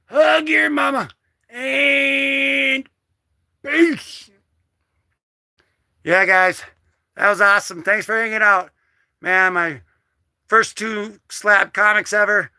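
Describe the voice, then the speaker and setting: An excitable man hosting a casual comic book vlog, joking and slangy as he talks through his comics. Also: high voice, clear, resonant tone, no echo, clean studio sound. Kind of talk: casual livestream commentary.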